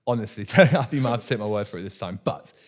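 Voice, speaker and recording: Young male actor, lowish voice, earnest and animated, stumbles and repeats words as he talks. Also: racing. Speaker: actor guest. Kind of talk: casual interview chat.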